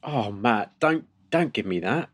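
A man's voice: mid-range voice, animated, unhurried, fairly bright tone, dry recording. A British man co-hosting a podcast, reacting with short, dry, wry remarks. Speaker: podcast co-host. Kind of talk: casual chat.

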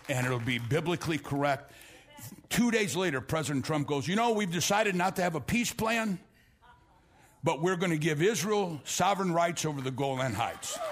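Fiery male pastor shouting his sermon. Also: on the high side. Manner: preaching with rising, shouted emphasis and repeated phrases; storytelling, with stammered restarts. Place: church sanctuary.

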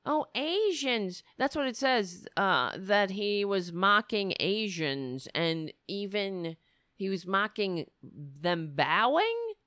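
A woman's voice: mid-range voice, very animated, slow pace, a bit bright, dry recording, clean studio sound. A woman hosting political commentary, reading news excerpts and mocking them with sarcastic asides. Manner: reads news excerpts, then riffs on them.

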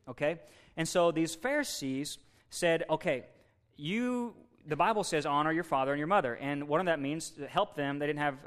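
A man preaching a sermon as pastor, building from measured and quiet to loud and excited. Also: fairly high pitch.

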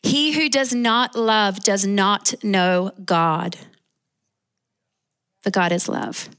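A woman's voice: mid-range voice, extremely slow. A woman with an Australian accent preaching a sermon, emphatic, calling out for amens. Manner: warm, emphatic preaching with call-and-response amens.

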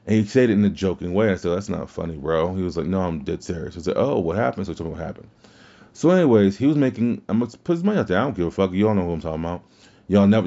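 A man's voice: sits low, warm tone. A man hosting a podcast, ranting casually and bluntly, swearing freely. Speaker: podcast host. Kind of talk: casual rant on wrestling. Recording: dull lo-fi audio.

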